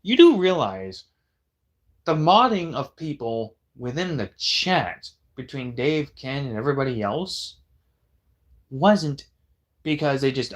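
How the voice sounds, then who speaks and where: A man's voice: medium pitch, big pitch swings, slow pace. A man delivering a heated, profane, combative callout rant on a livestream.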